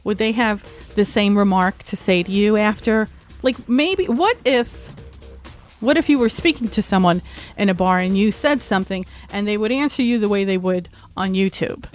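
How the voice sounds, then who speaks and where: A woman's voice: mid-range voice, lively intonation, normal speed, faint music behind. A woman hosting a casual talk show, ranting and chatting with plenty of filler words. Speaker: host. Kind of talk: casual opinion chat.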